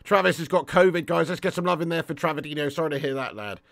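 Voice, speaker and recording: A man's voice: a little high, quick pace, vocal fry, fairly bright tone, no echo, studio quality. A young man streaming a football video game, chatting cheekily with viewers, swearing and calling them mate and legend. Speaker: gaming live streamer. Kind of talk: casual live-stream banter while playing.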